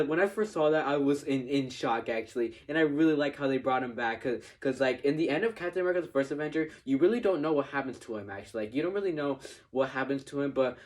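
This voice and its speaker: A man's voice: mid-range voice, quick pace. A man giving a casual spoken movie review, talking in a hesitant, rambling way with lots of restarts and the odd swear word.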